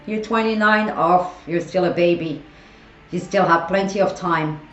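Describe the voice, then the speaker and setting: A woman's voice: on the low side, normal speed, fairly bright tone, roomy sound, highs cut off, slight background noise. A woman in her forties with a French accent, chatting playfully with her viewers on a stream. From France. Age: 40s. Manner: playful, teasing viewers by name. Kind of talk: casual chat with live chat.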